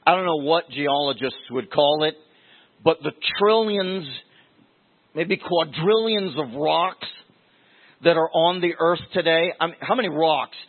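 A man's voice: a little high, unhurried. A man preaching a sermon in a conversational way, repeating key phrases for emphasis. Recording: tinny phone-like sound.

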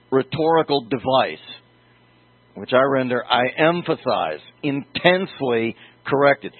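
Brief Male Bible teacher, slow, deliberate sermon delivery, dry phone-like sound. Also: mid-range voice, no room sound. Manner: slow, deliberate, explaining word meanings. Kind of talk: verse-by-verse sermon.

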